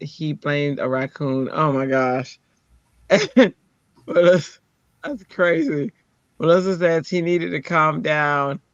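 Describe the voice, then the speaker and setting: A woman with a deep voice hosting a craft show, telling funny stories in casual chat and laughing often. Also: dry recording, lo-fi sound. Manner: animated storytelling, laughs often.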